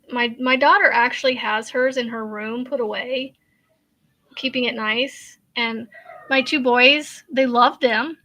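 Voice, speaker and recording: A woman chats casually while crocheting, rambling and hesitant, trailing off into fillers and sighs. Her voice sits a little high and comes across bright and forward. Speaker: crochet channel host.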